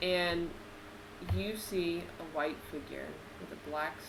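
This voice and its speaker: A woman's voice: fairly low pitch, slow pace. A woman narrating as game master in a tabletop game, teasing her players in a playful way. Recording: echoey room, mic from a distance, noisy.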